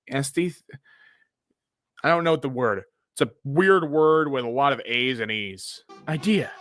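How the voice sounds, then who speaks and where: Lively jokey man reacting to memes. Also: mid-range voice, soft background music. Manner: jokey, reads captions aloud in quick voices. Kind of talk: live meme reaction commentary.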